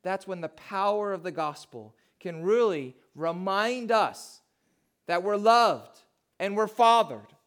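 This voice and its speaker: Taking his time, a pastor with a strikingly high voice gives an animated, heartfelt sermon framed in personal confession. His volume swings from near-hush back up to full strength.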